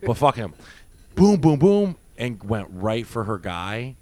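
A man's voice: medium pitch, slow pace. A man who worked as a nightclub bouncer, telling stories in a casual podcast chat, swearing often and acting out what people said. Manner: profane, animated, acts out quotes.

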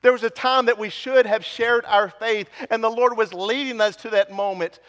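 A man's voice: sits high, normal speed, hardly any pauses, a bit bright. A man preaching a sermon, building with repeated phrases and dropping to near whispers. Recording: long hall reverb.

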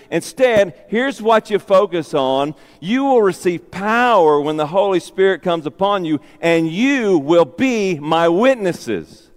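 A man's voice: sits high, smooth, long reverb tail. A man preaching a sermon as pastor, emphatic and repeating his key phrases.

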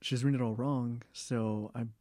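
A young man in a casual interview, talking in a rambling way with many fillers, restarts and throat clearing. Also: mid-range voice, fairly even intonation, moderate pace, dark tone, no echo, clean studio sound. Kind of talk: casual oral history interview.

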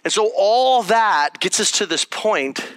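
A man delivers a sermon as a pastor, talking to his congregation plainly and with emphasis. His voice sits high and sounds bright and keen. The sound is close and dry. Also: animated, unhurried, clean tone, dry recording. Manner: conversational and emphatic, checking in with "okay?".

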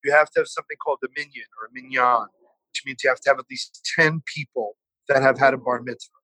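A man talking as a podcast guest in a casual remote chat, chatty and profane with quick asides. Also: medium pitch, fairly even intonation, bright, forceful tone, no room sound. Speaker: podcast guest, TV food host. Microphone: remote call.

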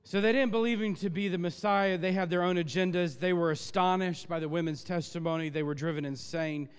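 High-voiced male pastor preaching with passion. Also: fairly even intonation, fairly quick, clear, resonant tone. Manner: impassioned, rising to loud emphatic peaks. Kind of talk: sermon. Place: church sanctuary. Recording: long church reverb.

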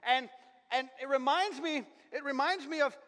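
A man with a very high, bright voice delivers a fervent sermon, repeating phrases and restarting as he drives each point home. His words ring out with a long reverb from a church hall. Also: moderate pace. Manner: fervent, repetitive preaching with many restarts. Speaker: pastor.

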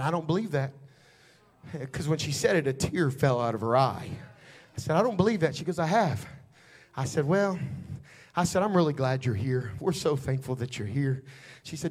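A preacher with a notably high male voice tells a homespun church story in a conversational drawl. His delivery swings from low, easy storytelling up to fervent, shouting declarations. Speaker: pastor. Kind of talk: storytelling sermon.

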